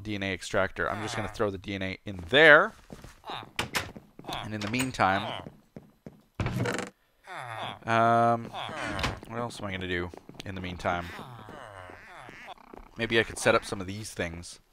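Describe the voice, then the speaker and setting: Playful, chatty man with a lowish voice. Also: noisy background. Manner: playful, chatty, easily excited. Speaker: gameplay commentator. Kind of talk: casual let's-play commentary.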